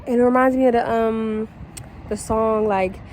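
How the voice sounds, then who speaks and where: A woman vlogs on her phone as she goes, talking in a loose, excitable way with plenty of "like" and "um". Her voice sits a bit on the high side. Clear city and traffic noise runs under her words. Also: normal speed, rough recording. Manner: chatty and excitable, with fillers like "like" and "um". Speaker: vlogger. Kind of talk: casual vlog chat. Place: outdoors, then a station café and shops. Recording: outdoor noise behind the voice.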